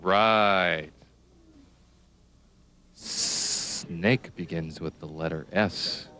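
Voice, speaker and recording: A man doing scripted narration for young children, speaking in a slow, sing-song, encouraging way and spelling words out letter by letter. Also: deep voice, bright, forceful tone.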